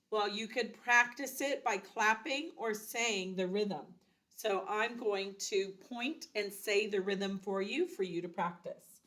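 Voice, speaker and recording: Slow, patient woman teaching a lesson. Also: mid-range voice, a bit bright. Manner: slow, patient, explains step by step. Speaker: music teacher. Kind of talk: recorder lesson.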